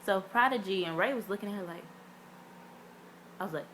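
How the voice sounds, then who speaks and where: A woman's voice: mid-range voice, brisk, a little hiss or hum. A woman vlogger telling a story in a chatty, casual way, full of fillers and acting out what people said. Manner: animated, acts out quotes with big voice swings.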